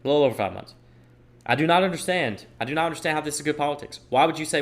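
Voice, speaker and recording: A man's voice: a little high, animated, very fast. A man hosting a solo podcast, giving opinionated commentary and repeating his points for emphasis. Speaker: podcast host.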